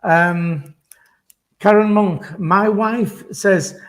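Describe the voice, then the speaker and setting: A man's voice: sits high, very slow, fairly bright tone. A man hosting a casual post-match fan chat, rambling with lots of ums and uhs. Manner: rambling with many fillers. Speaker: fan channel host.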